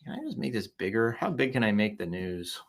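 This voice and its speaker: A man's voice: lowish voice, sing-song, a little fast. A man hosting a casual live stream, reading posts and comments aloud with playful, self-mocking asides. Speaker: livestream host reading social media posts.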